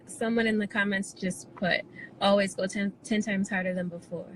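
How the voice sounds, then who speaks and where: A woman's voice: medium pitch, steady tone. Supportive woman interview host. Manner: supportive, measured, frequent ums. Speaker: show host. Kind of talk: interview hosting. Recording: faint background noise.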